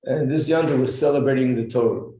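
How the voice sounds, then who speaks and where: A man's voice: mid-range voice, brisk, mellow. Man teaching a religious class in an echoey room. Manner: explanatory, asks the class questions, clears throat often. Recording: roomy echo, faint noise.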